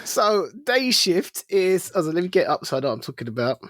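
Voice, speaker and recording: A man's voice: sits high, very animated, a little fast, no room sound, studio quality. A man co-hosting a casual podcast, recapping a film in a rambling way, laughing and losing his thread. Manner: rambling, giggly recapper who loses his train of thought. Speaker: podcast co-host. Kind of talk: casual chat.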